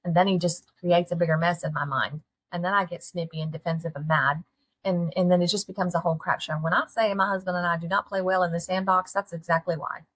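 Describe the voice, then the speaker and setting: A middle-aged woman, hosting a candid solo talk and speaking to listeners in an earnest, folksy, animated way. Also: on the low side, fast talker, husky. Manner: earnest, folksy, animated, with laughs and direct questions to the audience. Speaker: podcast host.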